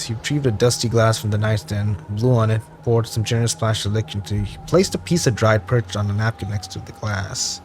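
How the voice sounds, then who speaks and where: A gaming YouTuber reading a survival game's story text aloud, with quick asides to viewers. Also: male voice, lowish voice, steady tone, a little mellow, faint music behind.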